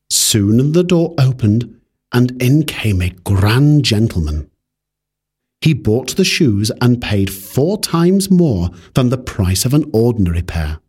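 Brief: male reader for a fairy tale, unhurried, husky, lively pitch. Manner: measured, even storybook reading. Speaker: storyteller. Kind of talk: scripted fairy-tale narration.

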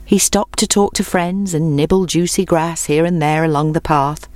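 A woman reads a children's storybook aloud in a clear, measured way. Her voice sits low for a woman. The recording is dry and close. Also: fairly even intonation, a little mellow, dry recording. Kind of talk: storybook narration.

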